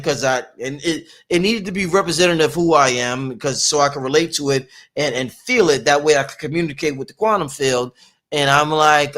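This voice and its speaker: A man, a father and the host, telling a story in casual talk, excitable and profane, with lots of "I said" and "I'm like". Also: fairly high pitch. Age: adult father.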